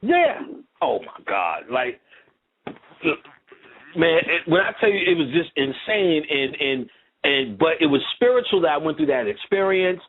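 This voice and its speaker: Husky-voiced man on a tinny line. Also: on the high side, big pitch swings, measured pace. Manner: loose, profane, rambling with frequent asides. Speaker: lecturer. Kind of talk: casual conversational storytelling.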